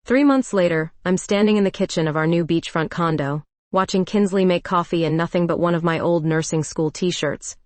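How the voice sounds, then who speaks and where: A woman narrating a first-person romance story in a calm, even storytelling voice. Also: on the low side, moderate pace, hardly any pauses, no echo.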